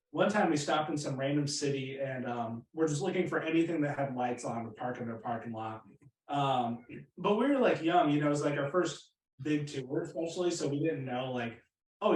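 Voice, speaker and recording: A young man, a rock band member, telling a tour story in an easygoing, chatty way with ums and laughs. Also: on the high side. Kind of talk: casual anecdote telling. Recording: roomy echo, mic at a distance.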